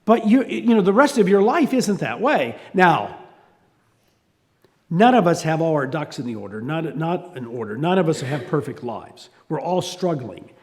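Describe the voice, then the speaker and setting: Male pastor, conversational sermon delivery, high and lively, church hall reverb. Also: normal speed. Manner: conversational preaching with restarts and asides.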